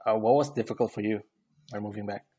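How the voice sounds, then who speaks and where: A man's voice: on the low side, steady tone, quick pace, warm tone, husky. A man hosting a podcast who asks casual questions, hesitant and checking facts back with the guest. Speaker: podcast host.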